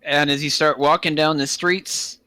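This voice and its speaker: A man's voice: a little high, steady tone, moderate pace, bright, forceful tone, dry recording. A man narrating as game master in a tabletop game, laughing often and fighting a frog in his throat. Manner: laughs often, struggles to hold a put-on accent.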